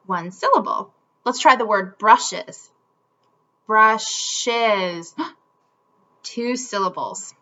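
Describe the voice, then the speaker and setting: In a slightly muffled home video, a woman teaches kids phonics, her medium-pitched voice pushed and bright. She speaks upbeat and with clear enunciation.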